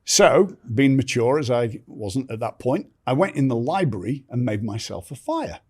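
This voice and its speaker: A man's voice: mid-range voice, big pitch swings, normal speed, slightly rough. A middle-aged man, a podcast guest, telling stories in conversation and acting out other people's lines. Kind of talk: storytelling in conversation.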